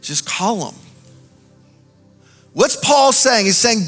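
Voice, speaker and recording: A male pastor preaching a sermon, animated, swinging between loud exhortation and quiet, intimate moments. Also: high voice, slow, pauses often. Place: large church auditorium. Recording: music faintly under a long hall reverb.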